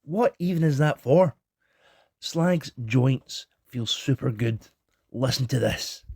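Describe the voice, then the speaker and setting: A man's voice: mid-range voice, lively intonation, slow, gravelly, darkish tone, no room sound, clean studio sound. A Scottish man giving a cheeky, irreverent toy review in a scripted comic style.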